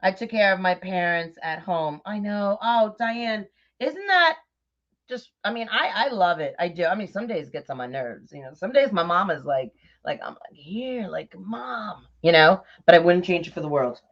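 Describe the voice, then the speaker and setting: A middle-aged woman from New York with a New York accent, chatting warmly and effusively with viewers by name while crafting on a livestream. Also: on the low side, expressive, normal speed. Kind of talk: casual livestream chat while crafting bows. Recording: dull lo-fi livestream audio.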